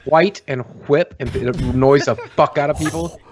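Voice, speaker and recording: A man's voice: a little high, normal speed, noisy background. A man on a podcast panel telling crude, self-mocking stories in casual banter. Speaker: guest panelist.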